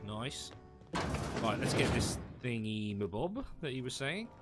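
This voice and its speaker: A man's voice: mid-range voice, very animated, measured pace, over loud music. A man casually commenting as he streams a video game, chatty and self-deprecating as he thinks aloud. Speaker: gaming streamer.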